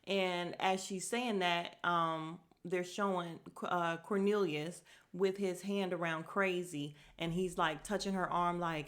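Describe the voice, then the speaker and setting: A woman's voice: on the low side, steady tone, a little slow, few pauses, fairly bright tone. A woman hosting a podcast, chatting casually and gossiping through a reality show recap, talking to her listeners with fillers and asides. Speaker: podcast host.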